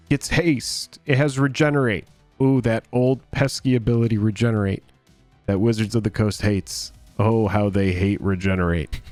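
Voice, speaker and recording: A man co-hosting a casual chat about card prices, relaxed and wry. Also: lowish voice, no echo. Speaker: co-host.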